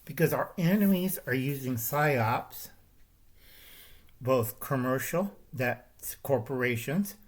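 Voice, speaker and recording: A man's voice: medium pitch, lively intonation, takes it slowly. An older man hosting his own channel, delivering a confrontational monologue and pressing his points with repeated "okay?" and "all right?". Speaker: channel host. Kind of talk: ranting monologue to camera.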